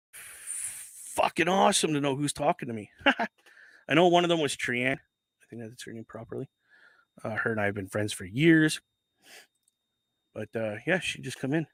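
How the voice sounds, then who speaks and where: Man, livestream host, casual rambling chat, slow unhurried delivery, dry close desk mic. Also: medium pitch, fairly bright tone, dry recording. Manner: rambling, swears casually, self-correcting. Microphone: desk microphone.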